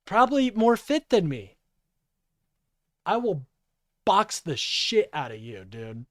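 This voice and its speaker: A man's voice: high-pitched, very animated, takes it slowly, dry recording, clean studio sound. A man in his twenties giving profane, heated reaction commentary on a clip. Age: 20s. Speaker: political streamer.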